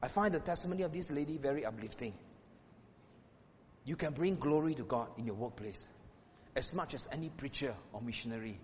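A man preaching a sermon as a pastor, swinging between loud exclamations and hushed asides. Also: lively intonation, brisk, pauses often. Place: church hall. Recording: reverberant hall with faint rumble.

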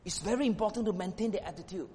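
Pastor, male, fairly high voice, preaching with passion, long church reverb, faint rumble. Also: very fast. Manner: impassioned preaching, swinging from loud exclamations to hushed asides. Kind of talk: sermon. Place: church hall.

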